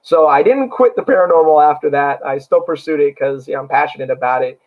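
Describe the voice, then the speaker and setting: A man's voice: fairly high pitch, fast talker. A man, an actor and paranormal investigator, telling a story in a casual interview in an earnest, rambling way with many fillers. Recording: dull lo-fi recording.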